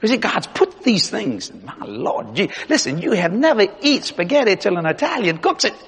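A man preaching a sermon as pastor, animated, swinging between loud and hushed. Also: sits high, moderate pace, breathy edge. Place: large church hall. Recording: long reverb of a large hall.

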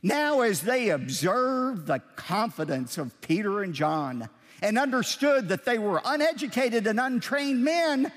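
A man preaching a sermon as pastor, emphatic, moving between slow measured points and shouted declarations. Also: sits high, very animated, big-room sound.

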